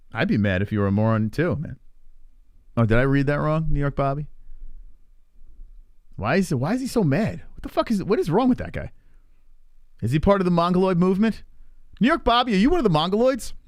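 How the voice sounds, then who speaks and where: A man's voice: fairly high pitch, big pitch swings, brisk, pauses often, no room sound. Profane, teasing male streamer, dry sound. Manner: profane, teasing, rambling with restarts. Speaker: live stream host. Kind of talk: casual live stream chat, reading chat.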